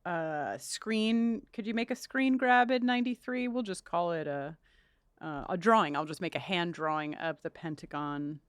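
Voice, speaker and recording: A woman co-hosting a casual rewatch podcast, chatty and quick to laugh, swearing freely. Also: lowish voice, smooth, no room sound, clean studio sound. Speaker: podcast co-host.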